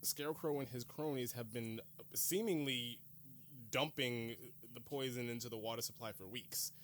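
A man's voice: mid-range voice, moderate pace, fairly bright tone, a little hiss or hum. Hesitant man reviewing a film. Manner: hesitant, repeats words while searching for points. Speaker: podcast co-host. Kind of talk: casual film review chat.

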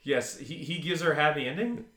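Male podcast co-host, rambling and quick to laugh, bright tone, echoey room. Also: on the high side, animated. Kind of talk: casual chat.

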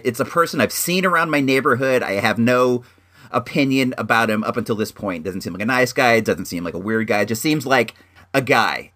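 A man's voice: medium pitch, pushed and bright. A young man telling a story in a casual, rambling monologue, often restarting his sentences. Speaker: vlogger.

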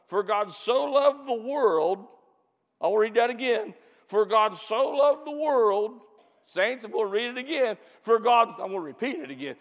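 A man preaching a camp meeting sermon as pastor. He stretches and shouts key lines to the church, then drops into quick, quiet storytelling. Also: very high-pitched, expressive, in a large hall. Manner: preaches with loud drawn-out emphasis, calls out to the church.

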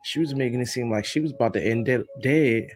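A man from Brooklyn talks straight into his podcast, spinning a story in a loose, joking way. His voice sits at a middle pitch. Faint music plays behind him. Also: fairly quick. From Brooklyn, New York. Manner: joking, chatty storytelling with laughs. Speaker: podcast host. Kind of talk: casual solo podcast monologue.

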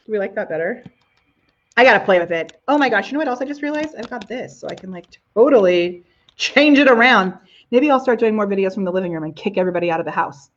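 A woman's voice: mid-range voice, lively intonation, fast, highs cut off. A woman hosting a casual live video show from her living room, bubbly and exclamatory, gushing over her viewers. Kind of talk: casual live-stream chat.

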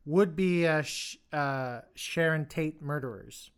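A man co-hosting a casual podcast chat, hesitant, with many fillers and quick restarts. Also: fairly high pitch, clean tone. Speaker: podcast co-host.

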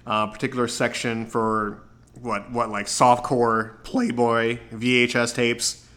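A male host talking in a relaxed, meandering way, his voice bright and forward. He chats casually with a guest on his own show. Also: mid-range voice, slow. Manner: relaxed, rambling descriptive talk. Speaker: podcast host. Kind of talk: casual chat.

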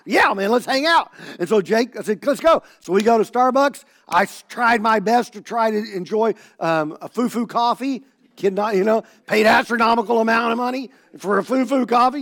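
Animated storytelling preacher, a man. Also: high-pitched. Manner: storytelling, acts out dialogue, swings from loud animated to hushed. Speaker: pastor. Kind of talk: sermon.

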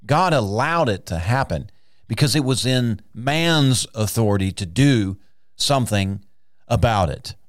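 A man's voice: mid-range voice, animated, unhurried, dry recording. A man teaching the Bible on a podcast, sermon-style, emphatic, asking rhetorical questions and stretching out key words, recorded in a studio.

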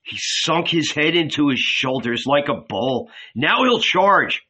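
A man's voice: fairly high pitch, animated, a little slow, sharp tone, breathy edge, muffled recording, exaggerated voice. A man reading an audiobook, voicing a frightened older male disciple who speaks nervously. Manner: nervous, fearful.

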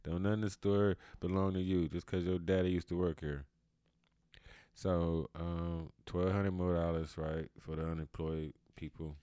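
A man's voice: low-pitched, little pitch movement, normal speed, mellow, clean tone, no echo, studio quality. A man with hosting a podcast, telling stories in a casual comedic ramble full of fillers and laughter. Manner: rambling, laughing, filler-heavy street talk. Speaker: podcast host.

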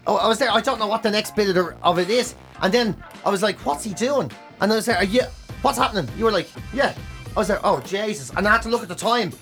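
A man's voice: sits high, rapid-fire, a bit bright, soft background music. An Irish man co-hosting a radio podcast, rambling through stories about himself, swearing freely in casual chat. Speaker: radio co-host. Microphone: studio microphone.

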